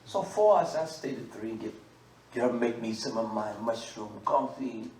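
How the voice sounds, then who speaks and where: A man preaching a sermon, moving from quiet asides to loud, slow scripture reading. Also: medium pitch, expressive, slight background noise. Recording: echoey room, mic at a distance.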